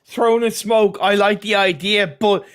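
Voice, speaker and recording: High-voiced esports co-caster. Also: male voice, moderate pace, clear, resonant tone. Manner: energetic, chatty co-commentary. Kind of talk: live esports commentary.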